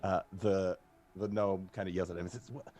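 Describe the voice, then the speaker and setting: A man narrating as game master of a tabletop game, halting and hesitant, with fillers. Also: low-pitched, little pitch movement, mellow, faint music behind.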